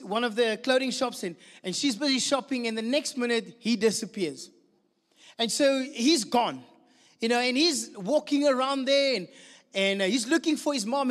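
A man preaching a sermon, telling a story with animated delivery. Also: high-pitched, in a large hall. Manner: storytelling, lively and animated with laughter. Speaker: pastor.

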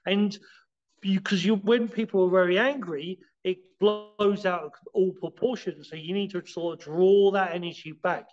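Speaking casually in a high-pitched voice, this podcast guest halts and stumbles while teaching martial arts ideas, restarting often and leaning on "you know." He explains by acting out scenes, and the recording is dull and lo-fi.

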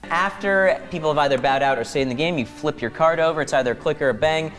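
A man hosting a board game show, explaining the rules in a fast, upbeat way. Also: on the high side, fairly bright tone, soft background music. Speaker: host.

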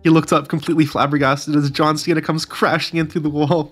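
A man's voice: fairly high pitch, little pitch movement, fast, a bit bright, faint music behind. A man giving casual, laugh-filled commentary while reading chatbot replies aloud. He swears a lot and drags out lines to mock them. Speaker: YouTuber.

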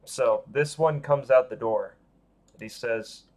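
A man narrating as dungeon master in a casual online game session, loose and halting with many fillers. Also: medium pitch.

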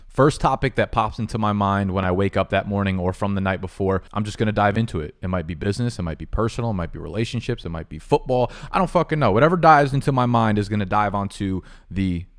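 A man running a fantasy football show in a loose, joking voice that sits a little low. He jumps from loud, excited bursts to quiet muttered asides. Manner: loud, playful, profane, swings between shouting and muttering. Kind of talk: casual video commentary.

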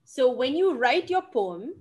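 A woman answering audience questions in an online session, expressive and emphatic, stressing words to make her point. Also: high-pitched, unhurried. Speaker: featured dancer and speaker. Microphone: video call.

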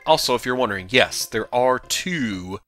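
A young man giving casual let's play commentary, rambling, then shouting at the game and apologizing. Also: mid-range voice, lively intonation, normal speed. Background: game music.

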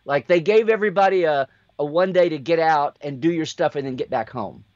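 A man hosting a casual video chat, telling an anecdote in an animated way and acting out the quotes. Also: fairly high pitch, brisk, dry recording, highs cut off. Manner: animated storyteller, acts out quotes. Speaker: host.

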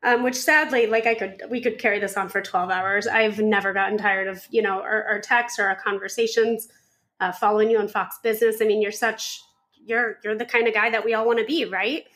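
A woman's voice: mid-range voice, fairly even intonation, brisk, a bit bright. A woman hosting a podcast, talking in a chatty, informal way full of fillers as she responds to her guest. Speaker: podcast host. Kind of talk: casual interview chat.

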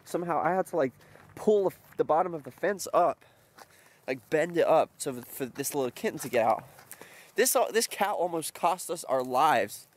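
A man's voice: on the high side, animated, moderate pace. A man in his twenties chatting casually to the camera in a vlog, rambling and joking as he tells stories outdoors. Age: 20s. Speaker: vlogger. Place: outdoors in a quiet open field.

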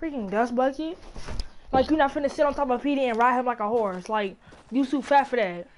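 A woman's voice: high-pitched, a little fast, a little hiss or hum. A young woman talking casually, exasperated and scolding in heavy slang.

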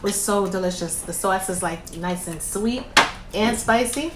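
A woman's voice: medium pitch, a little slow. A woman hosting an eating show, chatting casually and giggling often. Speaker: mukbang host. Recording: echoey room with faint background noise.

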